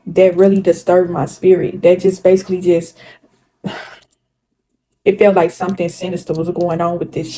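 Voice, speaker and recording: Warm-voiced woman telling a story earnestly. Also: fairly low pitch, a little hiss or hum, rough recording. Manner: earnest, repetitive, talks straight to viewers. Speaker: spirituality vlogger. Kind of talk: casual storytelling to camera.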